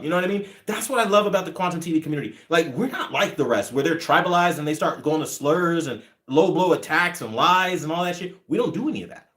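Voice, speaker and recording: A man in his thirties hosts his own live stream and talks straight to the viewers. He rants bluntly and swears freely, and his voice sits a touch high and swings up and down. He reads out comments as they come in and answers them. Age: 30s. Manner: blunt, profane, ranting, animated. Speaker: channel host answering live chat. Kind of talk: casual livestream chat.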